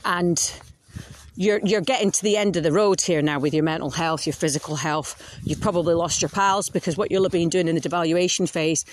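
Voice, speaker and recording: A woman's voice: on the low side, a little fast, a little hiss or hum. Blunt woman podcasting solo. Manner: blunt, frank, swears freely. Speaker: podcast host. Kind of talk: casual monologue.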